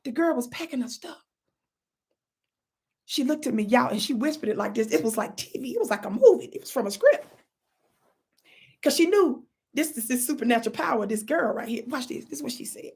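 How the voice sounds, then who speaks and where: Animated high-voiced woman telling a story. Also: a little fast, pauses often, breathy edge. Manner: animated, repeats "watch this", drops to whispers for quotes. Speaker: channel host. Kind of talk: storytelling vlog.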